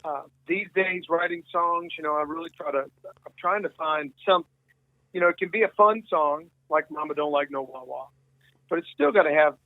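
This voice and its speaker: A man's voice: fairly high pitch, normal speed, no echo. A man, a guest musician, telling stories in a rambling, casual way and acting out the dialogue. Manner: rambling, many restarts and quoted dialogue. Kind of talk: casual storytelling interview. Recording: tinny phone-like line.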